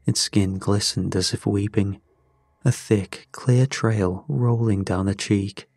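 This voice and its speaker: A man narrating a first-person story in a slow, measured way. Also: on the low side, fairly even intonation, a little mellow, no echo, studio quality.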